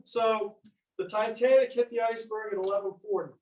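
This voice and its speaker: A man's voice: high voice, steady tone, a little fast, a little mellow. Man lecturing in an echoey room. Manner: storytelling, acts out quoted dialogue. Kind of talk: history lecture to an audience. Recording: echoey room, speaker far from mic.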